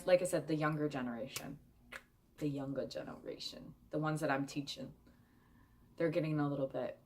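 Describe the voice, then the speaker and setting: A woman's voice: sits low, slight background noise. A young woman vlogger chatting candidly to her viewers, with plenty of fillers. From United States. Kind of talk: casual chat.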